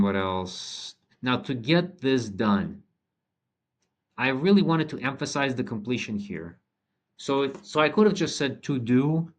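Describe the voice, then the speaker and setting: Male language tutor, lowish voice, relaxed and unscripted, stops and restarts mid-sentence. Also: lo-fi sound. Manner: thinks aloud with many ums and restarts, slow model sentences. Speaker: language teacher. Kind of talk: relaxed spoken lesson.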